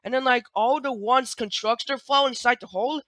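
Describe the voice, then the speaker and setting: This is a speaker casually retelling cartoon scenes, rambling and hesitant, stopping and restarting often. The voice is bright and the sound is dry and close. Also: mid-range voice, brisk, no room sound.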